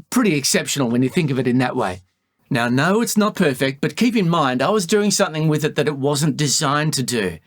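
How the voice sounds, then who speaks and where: A middle-aged Australian voiceover artist talking casually in a video, thinking aloud as he reviews something. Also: a little high.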